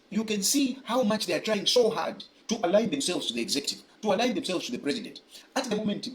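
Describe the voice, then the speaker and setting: A man giving forceful political commentary, repeating his points for emphasis. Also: a little high, low-quality recording. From Zambia.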